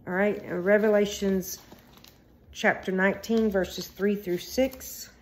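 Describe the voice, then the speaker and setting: A woman reading a daily devotional and scripture aloud, then praying, in an earnest and slightly halting way. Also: medium pitch, fairly even intonation. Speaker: devotional vlogger.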